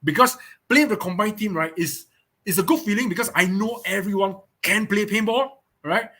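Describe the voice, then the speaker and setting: A man with a Singaporean English accent hosts a casual podcast preview, chatty and repeating words as he checks in with listeners. His voice is high, pushed, and bright, at a moderate pace.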